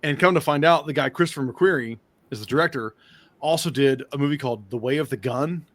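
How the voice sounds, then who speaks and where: An American man hosting a podcast in casual chat, animated and swearing freely as he talks. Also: a little high, no room sound. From United States. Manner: fast, animated, swears a lot, excitable. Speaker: podcast host.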